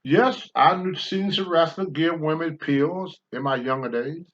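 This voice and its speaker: An older man who used to wrestle professionally tells candid stories as a talk-show guest, blunt and profane. His voice is fairly high, a bit bright, and unhurried, with a dull lo-fi sound.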